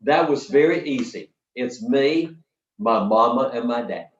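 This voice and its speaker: An older man leading a storytelling workshop, talking to a live audience in a folksy, lively way with dramatic pauses. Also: medium pitch. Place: workshop hall. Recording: roomy, distant, dull sound from the back of a hall.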